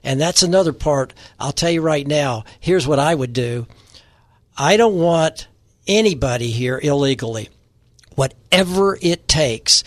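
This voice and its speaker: A man in a radio-style interview lays out his political plans with forceful, repetitive declarations. His voice sits a touch high and is recorded dry and close, with no room sound. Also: lively intonation, unhurried, no echo. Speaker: political candidate guest.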